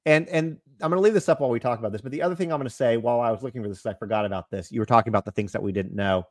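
A man's voice: mid-range voice, very fast, dry recording, clean studio sound. A man co-hosting a casual talk show, speaking earnestly and steering the discussion. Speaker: podcast co-host.

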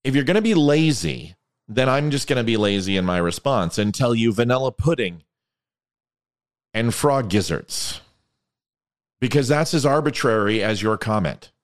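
A man's voice: mid-range voice, expressive, normal speed. A man hosting his own show in a casual monologue. He rambles and gets sarcastic. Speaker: podcast host.

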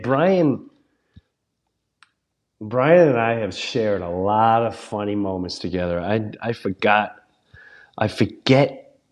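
A man hosting a podcast, telling stories in a rambling, laid-back way. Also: on the low side. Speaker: podcast host. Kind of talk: casual chat.

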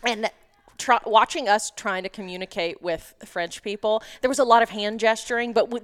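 A woman's voice: fairly high pitch, normal speed. A young woman from Tennessee who works in local TV news, co-hosting a podcast in a chatty, storytelling way. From Tennessee, USA. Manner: chatty, lively storytelling with laughs. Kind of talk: casual chat.

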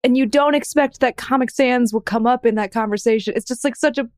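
A woman co-hosting a casual chat, playful and quick to laugh. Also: a little high, darkish tone, dry recording, clean studio sound. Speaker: podcast co-host.

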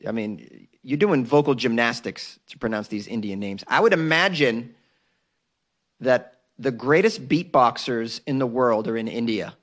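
A man's voice: mid-range voice, animated, unhurried, a bit bright. A man hosting a daily news podcast as a comedian, riffing loosely with joking asides.

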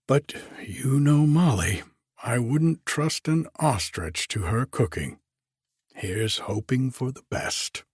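Man voicing a jaunty hotel porter, chummy and bright, pushy, husky voice, storybook reading. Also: mid-range voice, expressive, slow, dry recording, clean studio sound, exaggerated voice. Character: breezy, overbearing male hotel porter.

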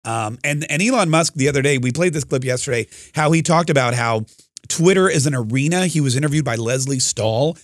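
A man's voice: medium pitch, animated, no echo. A man hosting a talk radio show, giving an opinionated, combative monologue with frequent restarts. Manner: combative, restarts often, quick bursts.

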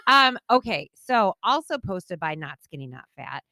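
A woman's voice: on the low side, big pitch swings, normal speed, bright, forceful tone, no echo. A young woman co-hosting a podcast, reacting to her partner's gossip with disbelief and wry humor. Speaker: podcast co-host. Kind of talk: casual gossip chat.

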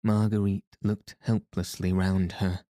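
A man's voice: deep voice, level tone, dark tone, dry recording, studio quality. A man reading a bedtime story aloud as a sleep podcast narrator, in a soothing way. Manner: slow, soothing.

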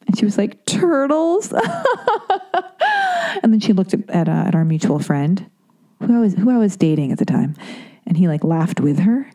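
Mellow-voiced woman telling a rambling story. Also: medium pitch. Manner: chatty, profane, self-interrupting with asides. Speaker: podcast host.

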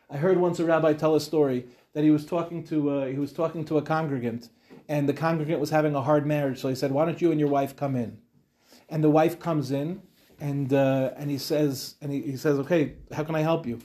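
A man's voice: a little high, mellow. A man, a rabbi, teaching a Torah class to young women, talking animatedly with rhetorical questions and retold dialogues.

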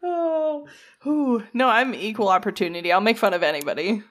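A woman in her thirties co-hosts a podcast, telling stories in a blunt, teasing, casual manner. Her voice is medium-pitched and she speaks at a normal speed.

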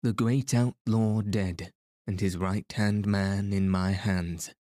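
A man's voice: on the low side, fairly even intonation, takes it slowly, mellow, no echo, studio quality. A man voicing a cruel middle-aged male sheriff who speaks in a commanding, gloating way.

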